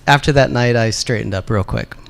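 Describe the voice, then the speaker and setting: A man with a gravelly, creaky voice at middle pitch, answering fan questions on a convention panel. He talks in a relaxed, candid way with plenty of ums and uhs. Now and then his words slip into a soft laugh. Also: fairly quick.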